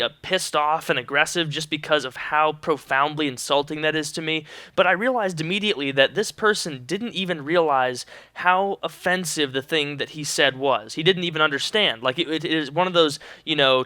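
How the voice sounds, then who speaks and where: Bright, crisp-voiced young man vlogging. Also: on the high side, dry recording. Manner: earnest, rambling, animated when quoting others. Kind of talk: casual monologue to camera.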